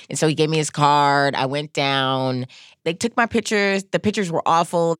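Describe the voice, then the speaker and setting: A woman in her thirties hosting a podcast, chatting and telling stories with a joking, animated manner. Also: low voice, moderate pace, clean tone, no room sound, clean studio sound. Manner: lively, joking, animated storytelling. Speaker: podcast host. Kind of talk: casual comedic chat.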